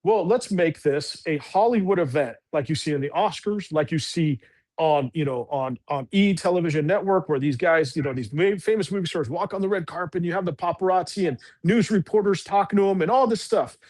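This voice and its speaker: A man with a voice pitched a little above most men tells his story in a casual interview. He is a veteran guest who rambles earnestly and circles back with lots of fillers and restarts. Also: fairly quick, darkish tone.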